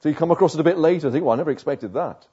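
A man preaching a sermon, slow and emphatic, with dramatic pauses between phrases. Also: on the high side, mellow, husky, highs cut off.

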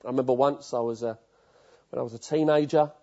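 A man's voice: medium pitch, steady tone, fast, dark tone, muffled recording. A man preaching a sermon, telling stories vividly and putting questions straight to his listeners.

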